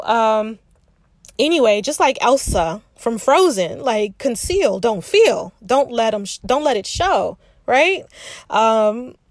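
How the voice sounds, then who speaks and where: A woman's voice: medium pitch, dry recording, clean studio sound. A woman hosting a candid self-help podcast, talking frankly and reflectively to the listener as if to a sister, thinking aloud with restarts. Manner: frank, confiding, addresses listener as sis. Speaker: podcast host.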